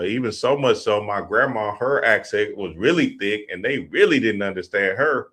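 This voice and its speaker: A man's voice: on the low side, animated, moderate pace, hardly any pauses, a bit bright. A man hosting a show, talking in a casual, profane, slang-heavy monologue full of stories. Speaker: podcast host.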